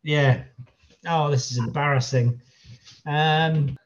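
A man's voice: mid-range voice, a little slow, dull audio. A man co-hosting a podcast quiz, teasing his friend in a dry manner during casual banter. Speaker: podcast co-host.

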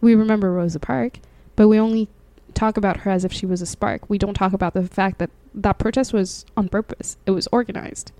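Mellow-voiced woman podcast co-host. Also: mid-range voice, steady tone, a little fast, hardly any pauses, dry recording. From not local to the show's country. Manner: affirming, frequent agreeing murmurs. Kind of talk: casual chat.

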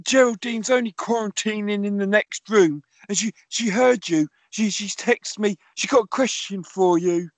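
A man's voice: high-pitched, dry recording. Man spinning absurd comedy stories. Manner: playful, quick, absurd storytelling. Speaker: comedy podcast co-host. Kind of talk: improvised comedy chat.

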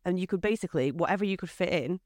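Woman guest, lowish voice, dry studio sound, rambling filler-heavy storyteller. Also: very fast, darkish tone, no echo. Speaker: podcast guest, host's wife. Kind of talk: casual chat. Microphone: studio microphone.

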